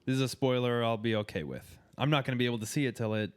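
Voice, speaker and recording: Chill married guy cohosting a podcast, average-pitched voice, swears a lot. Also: rapid-fire, smooth. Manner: laid-back, swears freely. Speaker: podcast co-host. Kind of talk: casual chat.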